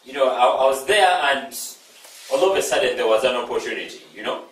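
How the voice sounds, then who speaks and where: Animated storyteller man in an echoey hall. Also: medium pitch, fairly quick. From East Africa. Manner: animated, repeats phrases, asks the audience questions. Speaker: inspirational speaker. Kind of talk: storytelling talk to a live audience. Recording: very echoey hall, speaker far from mic, faint noise.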